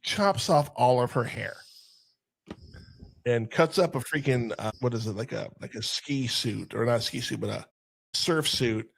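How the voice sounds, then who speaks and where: A man's voice: mid-range voice, a little slow, creaky, breathy edge. A man from South Texas hosting a casual, profane movie review chat over an online call. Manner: profane, storytelling. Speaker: podcast host.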